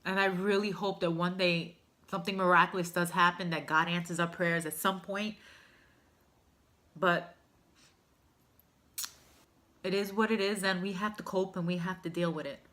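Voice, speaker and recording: Bright-voiced woman telling a heartfelt story. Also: lowish voice, fairly even intonation, normal speed, long pauses. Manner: emotional, heartfelt, rambling with fillers. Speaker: vlogger sharing a personal caregiving story. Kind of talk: candid personal storytelling to camera.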